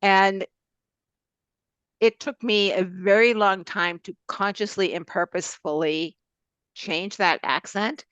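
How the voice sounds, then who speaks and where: A woman's voice: mid-range voice, fairly even intonation, takes it slowly, a bit bright, smooth, dry recording. A woman from Boston hosting a podcast, chatting in an upbeat, conversational way with frequent fillers. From Boston, USA. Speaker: podcast host. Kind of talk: casual interview chat. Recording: dry, slightly dull lo-fi sound.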